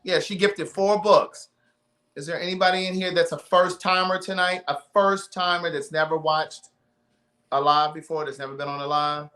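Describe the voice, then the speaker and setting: A man's voice: a little high, fairly even intonation, moderate pace, sharp tone. A man from Maryland hosting a live stream in casual chat, reading out viewers' names and thanking them. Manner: chatty, reads viewer names aloud.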